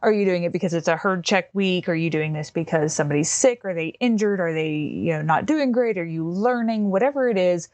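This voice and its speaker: A woman's voice: on the low side, brisk, hardly any pauses, darkish tone, dry recording. A middle-aged woman, hosting a podcast and explaining a hands-on task in a rambling, casual way with many fillers. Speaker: podcast host. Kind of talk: casual instructional talk. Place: home.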